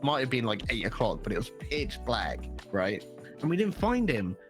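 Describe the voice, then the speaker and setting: A young man chats on a podcast and tells a long, rambling story full of swearing. His voice sits at an ordinary middle pitch for a man. Faint music plays quietly behind him. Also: normal speed. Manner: rambling, animated storyteller who swears freely. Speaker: podcast co-host. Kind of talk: casual podcast chat.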